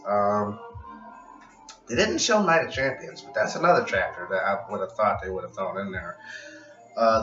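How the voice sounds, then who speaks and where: A man talks through a wrestling show in a loose, rambling vlog, dry-humored and swearing freely. His voice is bright, but he sits back from the mic in a roomy, echoing space, so the sound comes out dull. Soft music plays underneath. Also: fairly low pitch. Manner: rambling, profane, wry. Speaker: vlogger reviewing wrestling. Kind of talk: casual review vlog. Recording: echoey, dull, distant with music.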